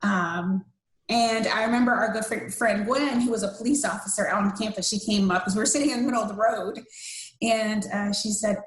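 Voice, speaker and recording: A woman's voice: medium pitch, brisk. A woman in her thirties from the United States, earnestly telling a personal story as a podcast interview guest, with many fillers and restarts. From USA. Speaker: interview guest, cancer survivor. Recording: roomy echo.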